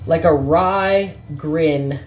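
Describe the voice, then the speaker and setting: Over soft background music, a deep-voiced woman gives a casual spiritual reading built around a word game. She muses aloud and slowly spells words out letter by letter.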